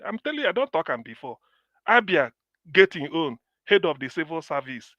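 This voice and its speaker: Animated Nigerian Pidgin-speaking man. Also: on the high side, no echo, highs cut off. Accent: Nigerian Pidgin English. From Anambra, Nigeria. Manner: animated, emphatic, repeats himself. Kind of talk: heated political chat.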